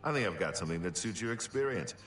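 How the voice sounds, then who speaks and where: A deep-voiced stern guild chief. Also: male voice, expressive, quick pace, a bit bright, slight background noise. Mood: businesslike. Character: stern male fighters guild chapter head. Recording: roomy, distant game audio with music.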